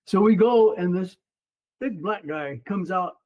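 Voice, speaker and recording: High-voiced, animated older man. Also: a little slow, muffled recording. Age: 70s. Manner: lively, animated storyteller. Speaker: podcast guest, former runner and coach. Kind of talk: casual storytelling interview.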